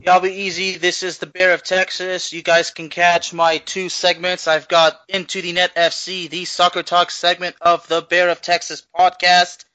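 A man's voice: high-pitched, monotone, moderate pace, hardly any pauses, sharp tone, no room sound, dull audio. A man co-hosting a podcast, chatting casually and thinking aloud with restarts. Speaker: podcast co-host.

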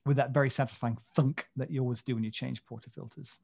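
A man's voice: mid-range voice, fairly even intonation, fast, creaky, a little mellow, husky. A man co-hosting a podcast in casual chat, rambling and self-mocking, with many fillers and restarts. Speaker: podcast co-host.

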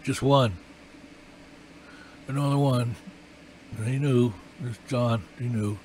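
A man delivering a sermon in a mid-pitched voice, hammering his points home through repetition. His voice climbs for emphasis and drops low for weight. A faint hiss of background noise sits under the recording. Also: steady tone, slow pace, darkish tone. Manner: emphatic, repetitive, rising and falling with emotion. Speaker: preacher.

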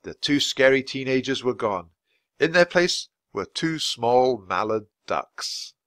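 A man reading a children's storybook aloud at a natural, steady pace for learners. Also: medium pitch, takes it slowly, no room sound. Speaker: reader.

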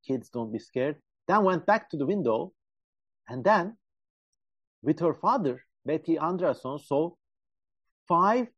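A man's voice: on the high side, dry recording, muffled recording. A man co-hosting a casual podcast, retelling a story animatedly with jokey asides and many fillers. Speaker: podcast co-host. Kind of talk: casual chat.

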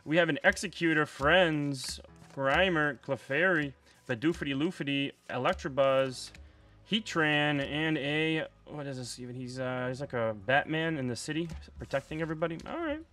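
A young man chatting casually while opening trading card packs, excitable and prone to loud outbursts. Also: a little high, moderate pace. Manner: excitable, bursts into shouting and laughter over pulls. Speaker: card unboxing host.

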